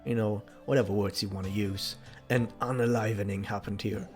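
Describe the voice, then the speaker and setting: A flippant police chief from a fan-made game, speaking low and unhurried with an offhand drawl, as a streamer voices him. he treats grim news as casual small talk. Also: fairly even intonation, darkish tone, slightly rough, faint music behind.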